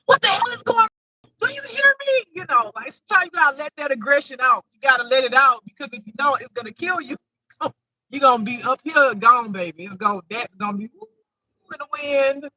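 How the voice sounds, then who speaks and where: A woman gives an off-the-cuff intuitive spiritual reading, leaning on emphasis and bursting into loud, laughing exclamations. Her tone is very bright and sharp. The recording is dry and close, with almost no room sound. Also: a little high, dry recording, low-quality recording. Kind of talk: casual spiritual reading to camera.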